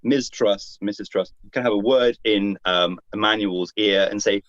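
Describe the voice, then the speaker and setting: A man's voice: lowish voice, moderate pace, a bit bright, no echo, lo-fi sound. A man from the UK joining a live podcast, rambling and hesitant, with lots of fillers. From United Kingdom. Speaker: podcast guest panelist. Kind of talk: casual live chat.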